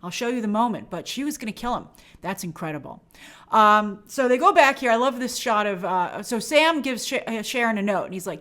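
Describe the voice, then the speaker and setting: An enthusiastic woman hosts a review show and talks through a TV episode in a casual, chatty way. Her voice sits a little high and moves up and down a lot, full of animation. Now and then she jumps into a character's line before going back to her own commentary. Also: animated, fairly bright tone. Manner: enthusiastic, chatty, acts out characters' lines in quick asides. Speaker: film and TV review show host.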